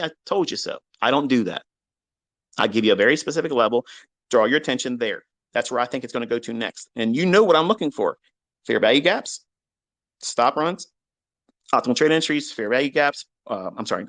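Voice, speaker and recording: A middle-aged man giving a heated, profane monologue on a live audio chat, combative and defiant, his voice dropping low and then bursting out loud. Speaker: trading educator.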